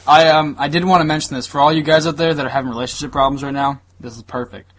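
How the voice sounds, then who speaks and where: A young male host talks in a fairly high, raised voice, laughing through crude, rambling jokes. A faint hiss of noise sits under the recording. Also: level tone, fast talker. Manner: loud, laughing, rambling, profane. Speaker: podcast host. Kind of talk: crude casual chat.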